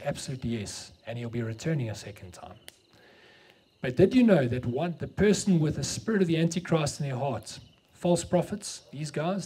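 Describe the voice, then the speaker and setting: A man's voice: fairly high pitch, warm tone, breathy edge. A middle-aged South African man with an Afrikaans accent, preaching a sermon and telling a story, mixing English and Afrikaans.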